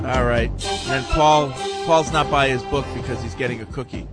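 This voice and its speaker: A man's voice: mid-range voice, fairly even intonation, moderate pace, over loud music. A man hosting a sports radio show, reading listener emails and teasing his co-hosts in casual banter.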